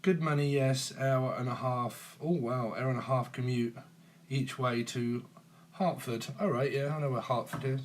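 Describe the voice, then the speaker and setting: A man's voice: mid-range voice, steady tone, moderate pace, a little hiss or hum. A man in his forties hosting a casual live stream on his phone, chatting with viewers in a teasing, jokey way and chuckling often. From England. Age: 40s. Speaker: tarot channel host.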